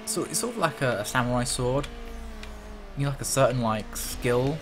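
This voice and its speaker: A man casually commentating on a racing game, joking and swearing as he plays. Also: mid-range voice. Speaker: gaming channel host. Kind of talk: let's play commentary. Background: background music.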